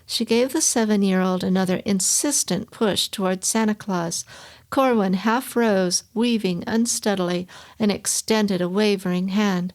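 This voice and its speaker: A woman reading a classic story aloud with measured storytelling. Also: mid-range voice, a little mellow. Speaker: story reader. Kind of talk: audiobook reading.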